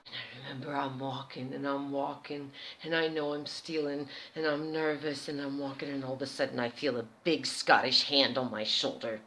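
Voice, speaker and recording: A woman with an American accent telling a personal story as a vlogger, animated and chatty. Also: rumbling low, normal speed, a little hiss or hum. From United States. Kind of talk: casual storytelling. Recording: roomy echo.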